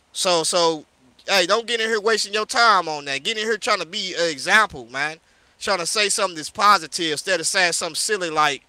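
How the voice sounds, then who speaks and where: A high, piercing male voice, recorded dry and close with no room sound. He is a preacher from St. Louis, berating someone in a heated, confrontational rant with lots of repetition. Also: pushed and bright, no room sound. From St. Louis, USA. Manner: confrontational and scolding, repeats "yo" and "you know what I'm saying". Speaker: street preacher hosting a live discussion.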